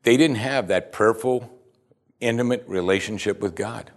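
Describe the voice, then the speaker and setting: A man's voice: lowish voice, moderate pace. A man preaching a sermon, reading scripture aloud and stopping to comment, talking conversationally and asking his listeners questions. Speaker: pastor.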